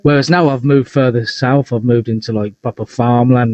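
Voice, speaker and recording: A man's voice: mid-range voice, steady tone, a little fast, hardly any pauses, no room sound. A man from Birmingham with a Birmingham accent, a guest chatting casually, chuckling and hesitant. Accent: Birmingham English. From England, Birmingham. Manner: chuckles, hesitant, self-deprecating. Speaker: guest artist. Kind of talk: casual chat. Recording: dry, dull lo-fi sound.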